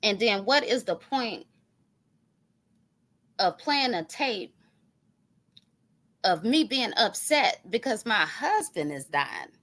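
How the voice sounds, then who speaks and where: A woman's voice: mid-range voice, very animated, takes it slowly, long pauses, a bit bright. A woman, ranting on her stream in a profane, confrontational, sarcastic way. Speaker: online commentary streamer. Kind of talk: heated ranting callout monologue.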